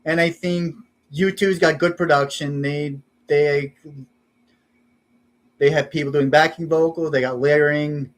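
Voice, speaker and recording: High-voiced man chatting slowly. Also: steady tone. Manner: halting, self-correcting, unpolished. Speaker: amateur parody songwriter. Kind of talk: casual spoken intros between sung parodies.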